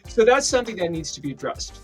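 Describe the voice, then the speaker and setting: A Canadian man co-hosting a casual podcast, telling stories in an animated, indignant way. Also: sits high, soft background music. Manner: fast, animated storytelling, indignant complaints. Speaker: podcast co-host.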